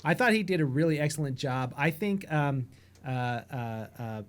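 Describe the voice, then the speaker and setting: Halting man hosting a movie review. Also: on the high side, expressive. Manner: halting, many fillers and restarts. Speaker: podcast host. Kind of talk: casual movie review chat.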